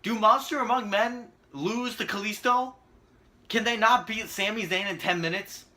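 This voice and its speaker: A man's voice: high voice, moderate pace, sharp tone. A man giving a profane, sarcastic ranting video commentary as a vlogger.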